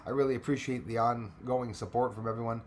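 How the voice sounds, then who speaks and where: Hosting a casual livestream for a space channel, a man with a Quebec French accent chats with viewers, swears freely, and switches between English and French. He talks quickly in a medium pitch with fairly even intonation, over slight background noise.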